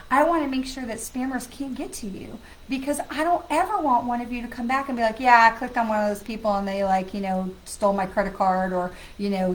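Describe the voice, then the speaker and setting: A woman's voice: on the high side, slight background noise, low-quality recording. A woman hosting a live stream as a psychic medium, chatting earnestly with viewers and greeting them by name. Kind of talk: casual live-stream chat.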